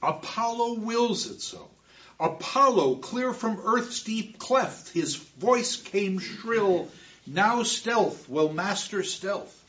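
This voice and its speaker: A man's voice: sits high, animated, a bit bright, far from the mic, muffled recording, pitched above the performer's own voice, heavily acted. A man intoning a solemn chorus. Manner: slow, chanting repetition. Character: solemn chorus of elders, insistent.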